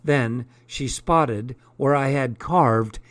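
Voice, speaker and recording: A man narrating a first-person story aloud in an unhurried, deliberate reading. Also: mid-range voice, no room sound. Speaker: audiobook narrator.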